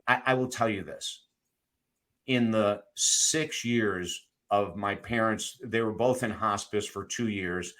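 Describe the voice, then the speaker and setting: A middle-aged man, a recovery coach, talking as a guest in an interview, animated and emphatic, laughing often as he tells stories. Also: fairly low pitch. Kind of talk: conversational interview storytelling.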